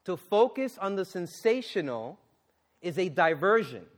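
A man preaching a sermon and reading scripture, exclaiming and questioning the congregation, then dropping to a low, earnest tone for serious points. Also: a little slow. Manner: animated, exclaiming and asking the audience questions.

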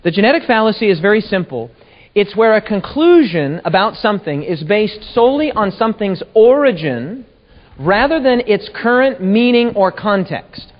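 A man with a notably high voice earnestly explains ideas on a church discussion show, often checking that listeners follow. His voice carries a long, roomy reverb. The sound is dull and lo-fi. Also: big pitch swings, normal speed. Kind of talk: explanatory teaching talk.

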